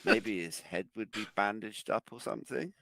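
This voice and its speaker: Male comedy co-host, low gravelly voice, halting delivery that builds to deadpan jokes. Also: no room sound, poor audio. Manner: hesitant, repeats words before dry punchlines. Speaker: podcast co-host. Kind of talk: casual comedic chat.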